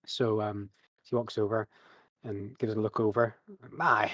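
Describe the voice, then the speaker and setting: A man's voice: lowish voice, level tone, moderate pace, darkish tone, no echo. A man narrating a tabletop game as game master, rambling with many fillers.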